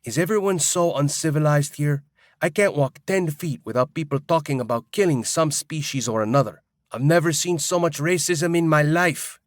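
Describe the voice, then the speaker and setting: A man's voice: on the high side, normal speed, no room sound, clean studio sound, pitched above the performer's own voice, close to an everyday voice. A male narrator playing a hot-tempered, desperate young man with a strange accent, curt and threatening. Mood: angry.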